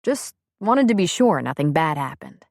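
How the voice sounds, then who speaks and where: A woman voicing a frank, plain-spoken man on the phone in an audiobook, gently persuasive. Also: deep voice, big pitch swings, normal speed, gravelly, dry recording, clean studio sound, full character voice. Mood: earnest. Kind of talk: audiobook character reading.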